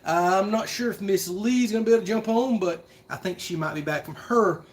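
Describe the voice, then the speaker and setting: A man hosting a casual livestream Q&A, chatty and rambling and quick to laugh, recorded on a phone camera. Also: high voice. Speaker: livestream host.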